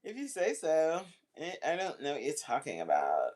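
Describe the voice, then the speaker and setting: A woman's voice: deep voice, wildly swooping pitch, normal speed, a little mellow. A woman hosting a casual livestream, reading out chat comments and bantering back in a playful, teasing way.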